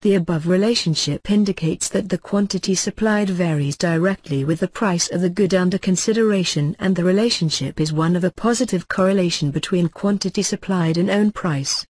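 A man reading economics lecture notes aloud as a lecturer, in a measured, formal textbook delivery. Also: sits high, no room sound.

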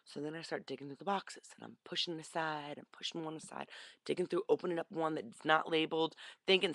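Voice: medium pitch, fairly quick, gravelly, fairly bright tone, dry recording. A vlogger telling a story casually into a webcam, acting out the voices of the people in it.

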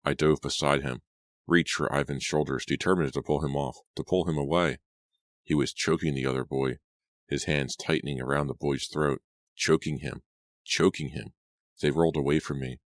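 A man narrating an audiobook in a steady, measured reading style. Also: rumbling low, dry recording. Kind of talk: scripted storybook narration.

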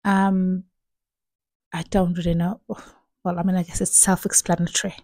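A woman's voice: lowish voice, dry recording. A woman hosting a reaction video, chatting casually and laughing often as she watches. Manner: relaxed, unhurried, laughs often.

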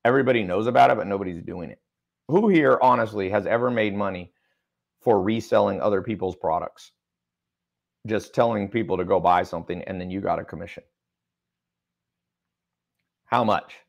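A man with a lowish voice and vocal fry talks at a normal pace with frequent pauses. He's an online business mentor on a livestream, joking loosely and reading chat comments, in a studio with a sound engineer present.

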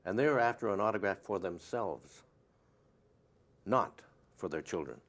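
A man's voice: deep voice, animated, measured pace, a bit bright. Older male actor, interview guest, meandering storyteller with many fillers. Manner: rambling and anecdotal, many fillers. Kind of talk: casual interview chat.

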